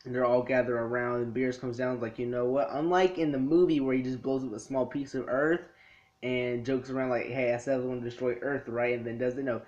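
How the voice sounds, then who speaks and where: A man's voice: medium pitch, little pitch movement, darkish tone. Guy doing a loose rambly episode review from his room, acts out little character quotes, kinda dull lo-fi sound. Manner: rambling, acts out characters' lines in quick bits. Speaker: anime reviewer. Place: his own room lit by a TV.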